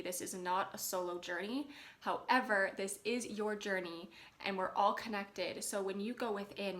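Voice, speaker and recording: A young adult woman talking casually to camera as a spiritual development vlogger, gentle, earnest and encouraging. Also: mid-range voice. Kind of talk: casual direct-to-camera talk.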